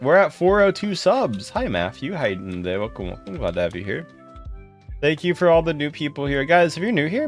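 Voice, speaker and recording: A streamer talks casually to a live audience, thanking and greeting viewers by name with warm gratitude and frequent giggles. The voice sits mid-pitch but swings widely up and down. Soft music plays faintly underneath. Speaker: livestreamer.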